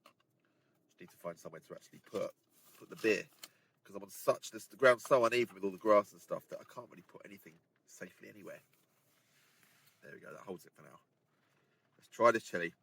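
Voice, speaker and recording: Low-voiced chatty hiker outdoors. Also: male voice, a little fast, long pauses, husky. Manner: chatty, addresses viewers directly, relaxed asides. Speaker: hiking vlogger. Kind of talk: casual talk to camera. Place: outdoors on windy fells at a campsite.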